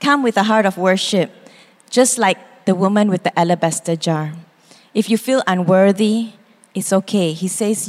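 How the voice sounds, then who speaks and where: A woman, preaching a sermon as pastor, expressive and quick to act out voices. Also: medium pitch. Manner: expressive, acts out quoted voices, laughs easily. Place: church hall. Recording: long reverb in a church hall.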